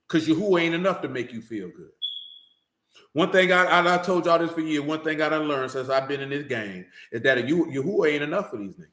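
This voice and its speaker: A man preaching a street-style sermon, heated and profane, often building to shouts. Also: fairly high pitch, roomy sound.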